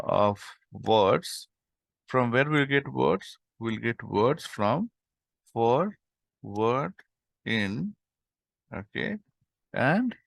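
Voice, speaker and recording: A man teaching a coding lesson, thinking aloud as he types and filling pauses with okay and um. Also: on the low side, gravelly, fairly bright tone, no room sound, studio quality. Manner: thinks aloud while typing, many fillers like okay and um. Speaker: programming tutor. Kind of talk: screen-recorded coding lesson.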